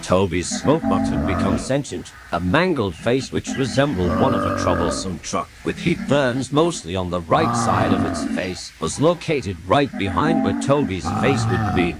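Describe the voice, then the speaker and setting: Low-voiced man narrating over loud music. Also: very animated, normal speed, creaky, hardly any pauses. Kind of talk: first-person story narration.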